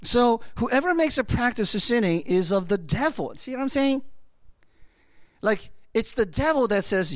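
A man's voice: very high voice, animated, normal speed, fairly bright tone, no echo, clean studio sound. A man preaching a sermon in a casual, rambling way, full of fillers and asides. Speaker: pastor.

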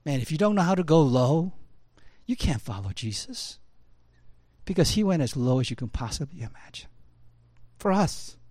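Chatty preacher, high voice, dry sound. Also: male voice, expressive, moderate pace, long pauses, no echo. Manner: conversational, full of fillers like "you know, like"; swings between loud emphatic bursts and low quiet asides. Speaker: pastor. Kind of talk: sermon.

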